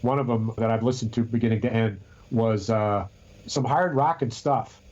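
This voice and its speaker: This podcast co-host speaks at a normal speed with a medium pitch and a darkish tone, and the recording has its highs cut off. In relaxed conversation, he wanders through stories, often starting over mid-thought.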